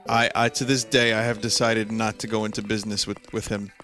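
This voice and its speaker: A man's voice: lowish voice, flat delivery, brisk, sharp tone. A male streamer telling a long, rambling story while playing, full of fillers and laughs. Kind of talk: casual storytelling while gaming. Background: faint game music.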